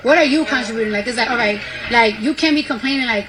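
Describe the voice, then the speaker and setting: A woman's voice: on the high side, fairly quick, few pauses. A woman giving blunt opinions in casual talk, loose and full of fillers and slang, played back from a clip. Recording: clip with noisy ambience.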